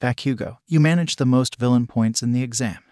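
A man reading as a gruff, blunt male teacher. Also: mid-range voice, a little fast, dark tone, no echo, clean studio sound, natural voice. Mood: curt.

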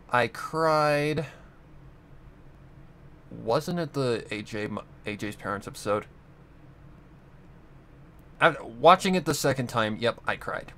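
A man's voice: mid-range voice, a bit bright, slight background noise. A man chatting casually on camera in his room at home, rambling and correcting himself with frequent chuckles. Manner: meandering, self-correcting, chuckling often. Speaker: fan audiobook reader and voice actor. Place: home room with guitars and a keyboard.

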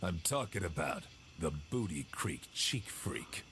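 A gruff old backwoods man in a horror game, with a very low, heavy voice. He speaks in an ominous storytelling drawl, warning city folk off the woods. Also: big pitch swings, a little slow, a crowd in the background, full character voice.

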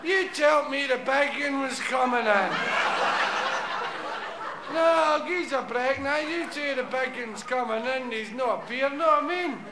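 A man's voice: very high-pitched, measured pace, a crowd in the background, noisy background, pitched above the performer's own voice. A man doing a cheeky wee Glaswegian apostle. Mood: wheedling. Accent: Scottish (Glasgow). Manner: gabby, nudging, working-class pub banter. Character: cheeky small male apostle, doubting, pub regular. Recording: echoey live hall with loud audience.

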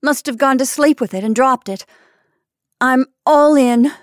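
A woman's voice: high voice, a little slow, dry recording, clean studio sound, pitched above the performer's own voice. A woman doing a faint, weary burned young woman. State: weak, faint.

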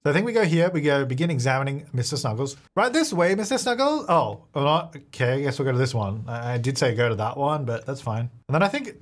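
A man's voice: medium pitch, fast talker, hardly any pauses. A man hosting a gaming video, giving chatty, self-mocking gameplay commentary and laughing often.

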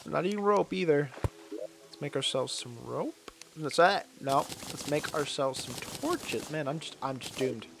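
A gaming channel host talks through his game in a slightly high, gravelly, expressive voice, taking his time, against a noisy background. His let's-play banter is rambling and self-mocking, full of laughter and dramatic groans when his character gets hurt.

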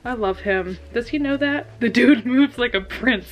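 A young woman book vlogger reacting while she reads, excitable and dramatic, with frequent laughter and gushing asides. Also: on the high side, normal speed, dull audio. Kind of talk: casual reading reaction vlog.

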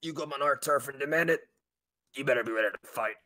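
A man's voice: medium pitch, quick pace, bright, forceful tone, close to an everyday voice. A man voicing a territorial, threatening wolf in a tabletop game. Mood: menacing.

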